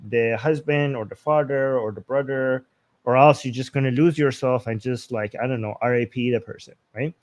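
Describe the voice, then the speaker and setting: A man's voice: mid-range voice, darkish tone. A man from Iran co-hosting a casual live-stream discussion, talking in rambling bursts full of restarts and fillers. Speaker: co-host.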